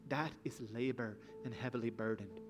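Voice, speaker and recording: A man's voice: medium pitch, moderate pace, over music. A man preaching a sermon in an earnest, pleading way, full of rhetorical questions. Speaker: pastor.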